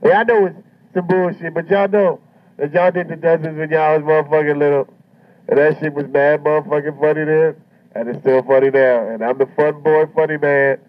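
A man working a stand-up set with a loud, swaggering, profane delivery. His voice sits a little high for a man. The recording is muffled and lo-fi. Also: fairly even intonation, a little fast. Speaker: stand-up comedian. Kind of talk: stand-up comedy routine.

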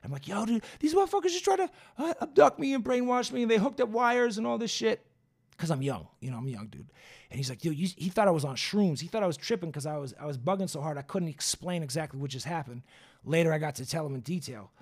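A young man hosting a podcast, telling a story off the cuff in a loose, profane, animated way. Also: a little high. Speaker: podcast host. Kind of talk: casual storytelling.

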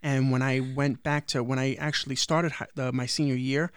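A man's voice: mid-range voice, flat delivery, moderate pace, clear, resonant tone, dry recording, studio quality. Rambling, self-deprecating man co-host. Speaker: podcast co-host. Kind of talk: casual chat.

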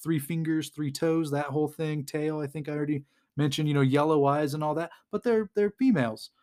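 A man hosts a casual comic-book recap in a somewhat high voice. He rambles along, chuckles often, and acts out the lines of the characters. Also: brisk, darkish tone.

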